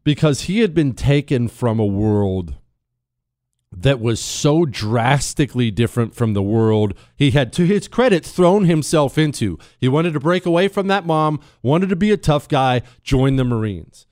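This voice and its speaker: A man's voice: medium pitch, lively intonation, measured pace, a little mellow, dry recording, clean studio sound. Emphatic man telling a story on talk radio. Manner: emphatic storyteller, repeats points, asks the listener questions. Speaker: radio talk show host.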